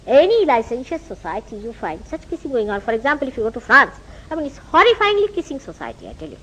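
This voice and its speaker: Lively high-voiced Indian woman lecturing. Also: fast, low-quality recording. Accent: Indian English. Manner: animated storytelling, acts out quoted dialogue. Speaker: spiritual teacher. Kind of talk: spiritual lecture.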